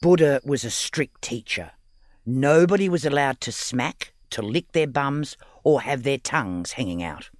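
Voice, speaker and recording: A man narrating a children's audiobook story in an expressive, playful reading. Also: mid-range voice, a little slow, no room sound, studio quality.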